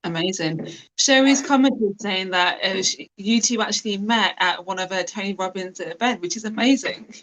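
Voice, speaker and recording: A woman hosting a live video interview, casual and encouraging, asking questions and quickly affirming answers. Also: medium pitch, a bit bright, lo-fi sound. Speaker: interviewer, host of a live show. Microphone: video call.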